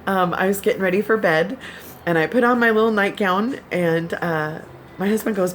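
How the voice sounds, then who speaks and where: A woman's voice: medium pitch, normal speed, slight background noise. A woman vlogger chatting casually with her viewers, giggling and laughing often as she tells her stories. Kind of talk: casual chat to subscribers.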